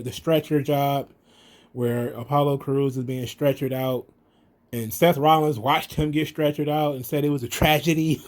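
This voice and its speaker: A man giving a casual, profane wrestling recap, acting out the wrestlers' lines in raised voices. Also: on the high side. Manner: animated, profane, acts out quotes in raised voices. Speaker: wrestling commentary podcaster.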